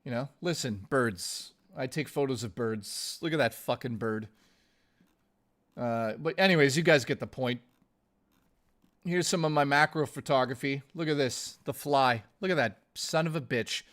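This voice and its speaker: A man's voice: medium pitch, moderate pace, a bit bright. A man streaming live, chatting casually and ramblingly with viewers, swearing often and calling them dude and guys. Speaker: gaming streamer.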